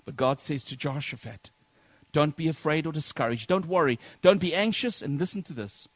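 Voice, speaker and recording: A man preaching a sermon to his congregation, swinging from loud declaiming to soft near-whispers. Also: fairly high pitch, a little fast, no room sound. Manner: addresses congregation as brethren.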